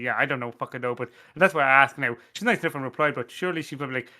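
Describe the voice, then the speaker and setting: An Irish man with a bright, forceful voice pitched a bit high, talking loosely in casual podcast chat. He rambles, swears freely and breaks into laughter at his own awkward stories. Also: rapid-fire, hardly any pauses. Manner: rambling, sweary, laughs often, self-deprecating. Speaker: podcast host.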